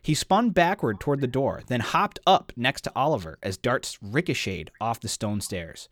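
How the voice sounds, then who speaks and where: A man co-hosting a podcast, recapping a fantasy book in casual chat and reading passages aloud, animated and full of "like" fillers. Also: medium pitch, moderate pace, no room sound, clean studio sound. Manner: animated storyteller, frequent "like" fillers.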